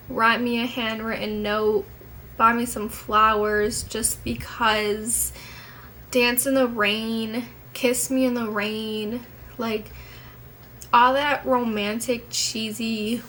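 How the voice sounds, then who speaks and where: A woman's voice: a little high, sharp tone, slight background noise, low-quality recording. A young woman chatting casually to her camera at home as a vlogger, rambling and candid, swearing now and then.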